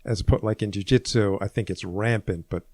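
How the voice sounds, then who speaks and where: A man with a low voice, co-hosting a casual podcast chat. He rambles a little and drops dry, wry jokes. The recording is close and dry. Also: fairly quick, a little mellow, no echo. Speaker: podcast co-host.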